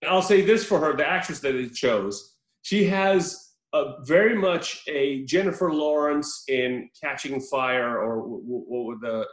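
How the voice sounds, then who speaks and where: A man hosting a casual podcast chat, telling a story in an animated way, laughing often and swearing freely. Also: medium pitch, a little slow. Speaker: podcast host reviewing a film. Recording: roomy echo.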